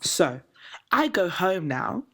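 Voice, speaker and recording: A woman's voice: fairly low pitch, slow, slightly rough. A woman tells a long personal story on a podcast in casual chat, acting out the people she quotes. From Nigerian heritage, raised in Britain. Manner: animated, acts out quoted people, laughs often. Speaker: podcast co-host telling a story. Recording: podcast mic, loud laughter.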